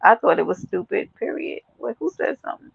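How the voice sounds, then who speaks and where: Brooklyn lady chatting live to her viewers, gravelly high voice, dull dry lo-fi sound, loud and cussing a lot. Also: fairly quick, no echo. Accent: New York (Brooklyn). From Brooklyn, New York. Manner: brash, profane, animated, laughs often. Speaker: livestream host. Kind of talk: casual livestream chat with viewers.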